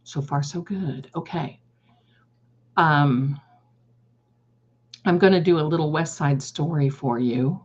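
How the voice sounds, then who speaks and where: A woman's voice: low-pitched, slow, pauses often, a little mellow, breathy edge, dull audio. A woman hosting a tarot live stream, chatting casually in an effusive, gushing way.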